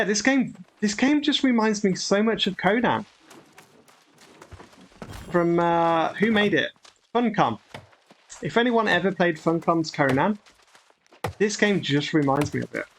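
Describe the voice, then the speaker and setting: A man's voice: sits high, animated, measured pace, long pauses, slight background noise. A man hosting a gaming channel, giving chatty, grumbling, self-mocking commentary as he plays. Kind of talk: gameplay commentary.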